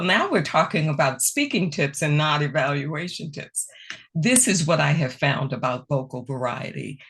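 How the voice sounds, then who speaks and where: A woman presenting a speaking workshop, answering questions in a conversational, emphatic way over a video call. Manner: conversational, animated pitch, repeats key phrases.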